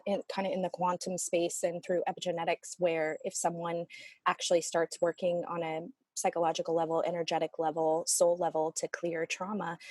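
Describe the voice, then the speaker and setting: A woman's voice: lowish voice, no echo. Earnest woman therapist, dry close sound. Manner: earnest, animated, reflective with restarts. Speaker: family constellation therapist. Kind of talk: conversational interview.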